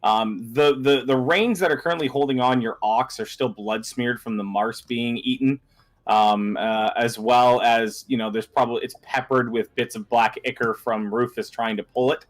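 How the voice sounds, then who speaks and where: A man's voice: mid-range voice, steady tone, moderate pace. A man narrating as game master in a casual online tabletop session, rambling with fillers.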